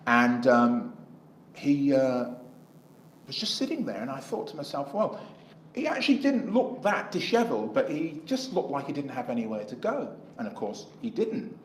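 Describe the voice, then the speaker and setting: Middle-aged English man, candidate in a street interview, rambling storyteller, mid pitch, roomy echo. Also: very animated, normal speed, a little hiss or hum. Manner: rambling, acts out dialogue in anecdotes. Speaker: independent election candidate. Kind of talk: interview answers.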